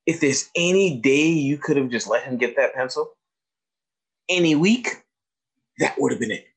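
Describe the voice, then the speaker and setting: A man's voice: medium pitch, moderate pace, gravelly, breathy edge, low-quality recording. A man giving a training talk to educators, telling classroom stories and asking his audience questions. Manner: animated storyteller, asks the audience questions. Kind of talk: lecture to teachers with told stories.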